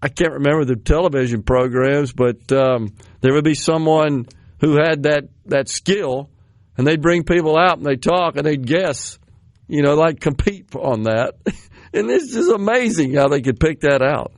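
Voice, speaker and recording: A man's voice: on the high side, normal speed, no room sound, studio quality. A man in his sixties with a Southern American accent, hosting a radio talk show and reminiscing in a rambling way, often laughing. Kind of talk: casual studio chat. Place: radio studio. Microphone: studio microphone.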